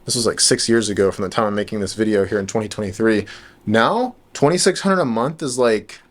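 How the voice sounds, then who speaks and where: A young man from the United States talking casually in a vlog, relaxed and loose, full of fillers and restarts. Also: on the low side, fairly quick. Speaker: trading vlogger. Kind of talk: casual rambling monologue.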